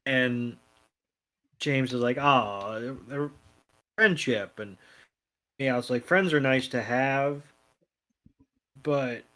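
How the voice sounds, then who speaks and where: Man, podcast co-host, mid-pitched voice, relaxed plot recap. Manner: narrates plot with quoted lines and fillers. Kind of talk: casual chat recapping an episode.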